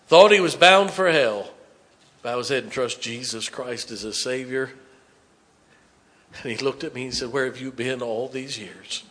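A man preaching a sermon, dropping to hushed tones and rising to loud emphatic bursts. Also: mid-range voice. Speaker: pastor.

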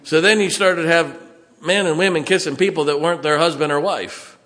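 A man's voice: fairly high pitch, fairly even intonation, a little fast, fairly bright tone. An older man preaching a sermon as pastor, telling folksy stories in a plain-spoken way and asking the congregation questions. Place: church sanctuary. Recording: long reverb in a church hall.

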